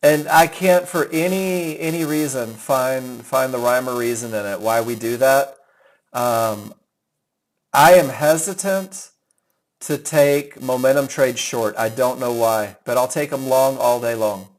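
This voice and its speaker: Here a middle-aged trading instructor leads a live webinar in an unhurried, medium-pitched voice. He's enthusiastic and talkative, going over trades and naming the students who made them. The recording quality is low.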